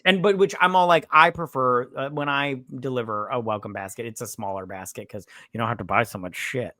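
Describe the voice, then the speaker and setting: A man's voice: mid-range voice, fairly quick, no echo. Brief: man, podcast co-host, casual and crude, voice in the middle range, dry close sound. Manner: animated, profane, acts out characters in quotes. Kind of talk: casual movie review chat.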